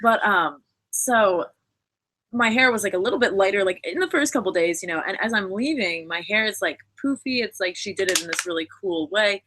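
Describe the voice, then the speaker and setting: A young woman hosting a casual chat with a friend at her home, eager and quick to jump in. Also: medium pitch, expressive, sharp tone, a little hiss or hum. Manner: eager, jumps in often. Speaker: host.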